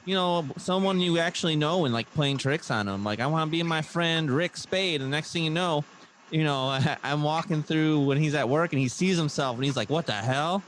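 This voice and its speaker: A man co-hosting a podcast, delivering a playful mock infomercial pitch and giggling through it. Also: moderate pace, fairly bright tone, slight background noise. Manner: playful, giggly salesman patter. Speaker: podcast co-host.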